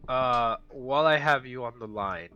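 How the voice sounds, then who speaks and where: A man playing his character in a tabletop game, stammering and excitable. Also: medium pitch, normal speed, clean tone. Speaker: player.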